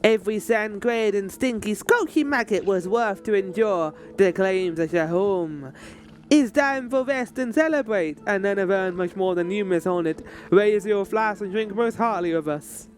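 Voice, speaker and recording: A man voicing a grand, chirpy flea caravan leader in a high put-on voice with a flamboyant attempted accent and formal old-style phrasing. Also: normal speed, soft background music, close to an everyday voice.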